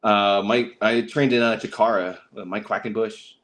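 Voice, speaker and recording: A low-voiced man hosts a casual livestream, drifting through his anecdotes with constant fillers, stops and restarts. He slips into quick voices for the people in his stories, then falls back to his easygoing chat. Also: fairly even intonation, a bit bright, poor audio. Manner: rambling storyteller, many fillers and restarts, acts out quotes. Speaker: podcast host.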